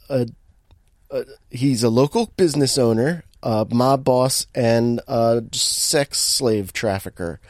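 A man's voice: medium pitch, dry recording, studio quality. A man co-hosting a podcast, recapping a bad movie in casual chat, laughing often as he tells it. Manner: animated storytelling, laughing often, many restarts. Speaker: podcast co-host.

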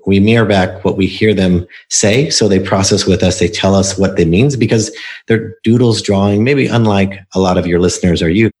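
Low-voiced man explaining his coaching method. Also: darkish tone. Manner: explanatory storytelling with examples. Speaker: book coach. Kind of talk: casual interview talk.

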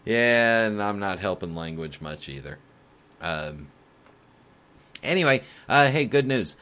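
Male podcast host, deep voice, relaxed letter-reading delivery with frequent chuckles. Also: measured pace, pauses often, clear, resonant tone. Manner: reads listener letters aloud, chuckling often; many filler uhs. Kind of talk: casual podcast talk.

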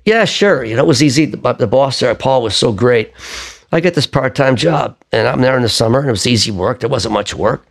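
An older man, a singer-songwriter, telling lively stories in an interview and acting out the voices of the people in them. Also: mid-range voice, fairly quick, creaky. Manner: lively raconteur who acts out quoted voices. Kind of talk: conversational storytelling interview.

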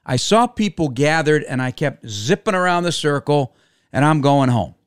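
Clear-voiced man hosting a sports podcast. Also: on the high side, animated, normal speed, no room sound. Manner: dry, denying and teasing back. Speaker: podcast host. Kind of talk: casual sports podcast chat.

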